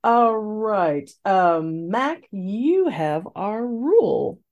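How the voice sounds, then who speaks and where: A woman's voice: medium pitch, very animated, drawn-out words, a little mellow, muffled recording. A woman hosting a casual podcast chat, often hesitant and searching for words. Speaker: podcast host.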